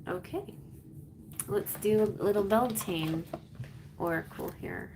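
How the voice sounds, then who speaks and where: A woman's voice: mid-range voice, wildly swooping pitch, slow pace, gravelly, noisy background. A woman giving a chatty live-stream tarot reading, reading guidebook passages aloud between her own comments. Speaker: tarot reader.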